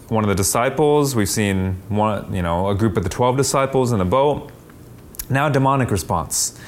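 A man preaching a sermon, animated, acting out quoted lines with a raised, louder voice. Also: slight background noise. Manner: animated, acts out quotes with rising pitch and loudness. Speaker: pastor.

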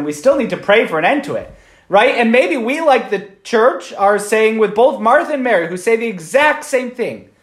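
A man's voice: high-pitched, roomy sound. A man, a Catholic priest, giving an informal Sunday homily in a conversational way, often checking in with "right?".

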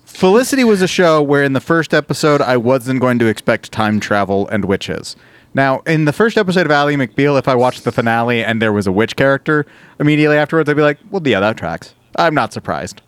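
A man co-hosting a podcast, summarizing a plot in casual chat with halting pauses. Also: medium pitch, animated, clean tone, no room sound. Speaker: podcast co-host.

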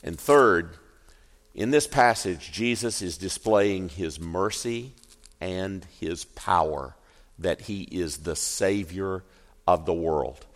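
A male pastor preaching a sermon, telling the story expressively and slowing down for emphasis. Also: sits low. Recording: echoey hall reverb.

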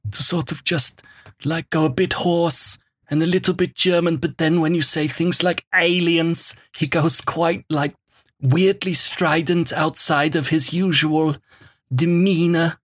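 A man's voice: a little high, unhurried, a bit bright. A man hosting a casual comedy podcast, rambling cheerfully and laughing often.

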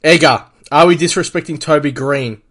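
A man's voice: on the high side, normal speed, fairly bright tone. A man with an Australian accent co-hosting a podcast, swearing freely and laughing easily in casual banter. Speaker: podcast co-host.

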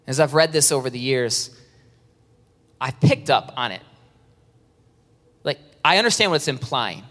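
A man preaching an animated sermon, acting out worried churchgoers in a high, strained voice. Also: a little slow, long pauses. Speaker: pastor. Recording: reverberant hall sound.

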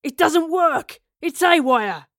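A woman voicing a harsh shouting gang leader. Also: extremely high pitch, animated, takes it slowly, dry recording, studio quality, pitched above the performer's own voice, full character voice. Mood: barking orders. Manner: loud, commanding shouts.

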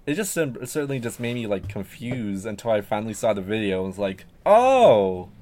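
A man's voice: fairly low pitch, fast talker, a little mellow. Rambling hesitant man, guest on a podcast. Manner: rambling, hesitant, many fillers and restarts. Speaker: guest artist. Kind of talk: casual podcast chat.

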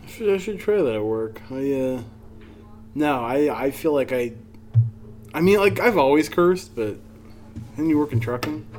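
A man's voice: fairly high pitch, lively intonation, moderate pace, pauses often, a little mellow, a little hiss or hum. A man hosting a podcast in a comedy club, chatting casually, laughing easily and swearing along with his guest. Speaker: podcast host. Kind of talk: casual chat.

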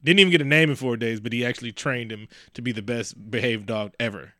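Man, casual movie recap, bright crisp voice, dry close sound, animated. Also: medium pitch, quick pace, dry recording. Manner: animated retelling with laughs and acted quotes.

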